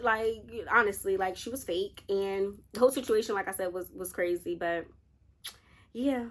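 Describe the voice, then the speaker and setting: A woman in her late twenties telling a college story to her viewers in a casual, animated way, calling them y'all and acting out what people said. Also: mid-range voice, moderate pace. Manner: animated, addresses viewers as y'all, acts out quotes. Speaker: storytime vlogger.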